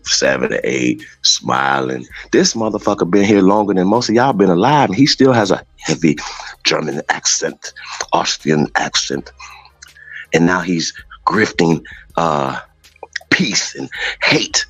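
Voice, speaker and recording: A man's voice: sits low, lively intonation, a little slow, fairly bright tone, slightly rough, no room sound, low-quality recording. A man hosting a live talk show, ranting in a heated, profane, emphatic way over faint music. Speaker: show host. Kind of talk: casual live show rant.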